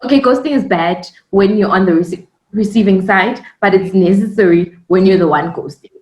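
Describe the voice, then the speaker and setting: A woman's voice: mid-range voice, moderate pace, a little mellow. Young South African woman, echoey room. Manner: laughing, emphatic, advice-giving. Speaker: podcast co-host. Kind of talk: casual podcast chat.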